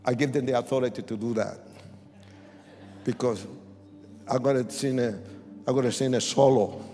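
A man giving a dramatic testimony sermon in a church, theatrical and bursting into shouts as he acts out scenes. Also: mid-range voice, steady tone, moderate pace, faint music behind. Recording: long church hall reverb.

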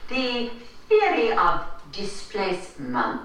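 An actress playing a scheming woman posing as a foreign doctor, speaking slowly in a put-on foreign accent, heard from an echoey film soundtrack. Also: medium pitch, huge pitch swings, recorded from a distance, over a noisy crowd.

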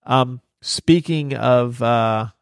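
A man's voice: medium pitch, extremely slow, smooth, dry recording, clean studio sound. A man hosting a podcast, chatting loosely about a film with many fillers and casual swearing. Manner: loose, filler-heavy, profane. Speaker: podcast host. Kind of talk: casual movie review chat.

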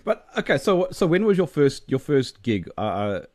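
A male interviewer tosses in short, casual questions from a little way off the mic. His pitch moves about animatedly, and the sound is dull. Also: very animated, moderate pace, a little mellow. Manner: brief prompting questions.

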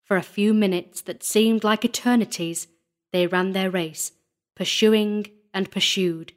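A woman narrating a gothic horror story as a dramatic audiobook reading, measured and building tension. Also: mid-range voice, steady tone.

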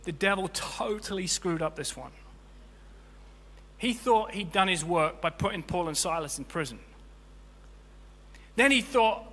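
A man preaching a sermon as pastor, impassioned, swinging between loud peaks and quiet low stretches. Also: expressive, a little slow, pauses often. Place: church hall. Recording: long hall reverb with faint music.

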